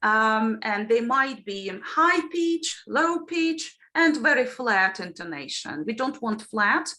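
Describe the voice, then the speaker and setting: A middle-aged woman teaches trainee teachers in an online lesson. Her fairly high voice is bright and clear. It swoops widely as she models intonation and questions the group. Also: slow. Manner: lively, demonstrates intonation with questions to the class.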